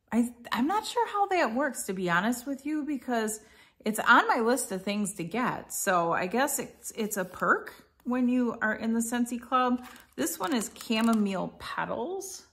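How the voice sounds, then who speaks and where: A middle-aged woman vlogger unboxes a subscription box at home, chatting casually and meandering with fillers and self-corrections. Her voice is mid-range, bright, and forceful.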